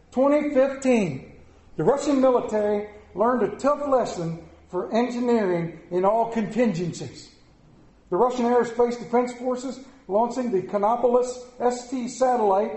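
A man preaching a lively sermon, telling stories with jokey asides. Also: high-pitched, roomy sound, rough recording. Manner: animated storytelling, jokey asides.

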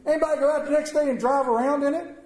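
A man preaching a sermon, telling stories and swinging between quiet and loud delivery. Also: very high voice, fairly even intonation, very fast. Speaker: pastor. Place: church sanctuary. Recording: roomy church echo.

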